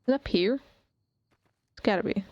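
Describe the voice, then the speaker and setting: Woman streamer, chatty self-talk over gameplay, flat dead mic with muffled tone. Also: mid-range voice, moderate pace, dry recording. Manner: chatty, talks to herself while playing. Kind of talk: casual gameplay commentary. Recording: dull dry stream mic.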